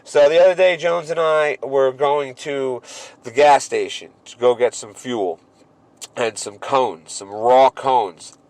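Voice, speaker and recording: A man in his thirties co-hosting a casual podcast, telling stories in a profane, animated way. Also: medium pitch, slow pace, no echo. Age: 30s. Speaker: podcast co-host.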